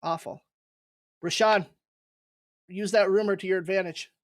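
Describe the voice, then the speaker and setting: A man's voice: high voice, normal speed, fairly bright tone. A man co-hosting a podcast, joking around in crude banter. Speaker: podcast co-host. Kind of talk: casual chat.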